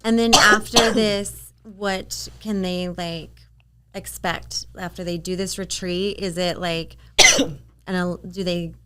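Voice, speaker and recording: A woman's voice: lowish voice, steady tone, slow, bright, forceful tone, slight background noise. A woman hosting a podcast interview, encouraging her guest with frequent short affirmations. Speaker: podcast host. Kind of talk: casual interview chat.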